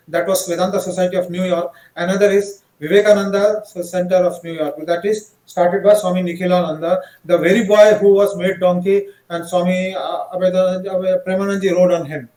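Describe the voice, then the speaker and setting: A man's voice: high-pitched, a little mellow. A man tells devotional stories in a talk. He halts often, restarts his sentences and slips into the voices of the people in his stories. The sound is roomy and echoey. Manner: halting, many fillers and restarts, acts out quoted dialogue. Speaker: monk giving a talk.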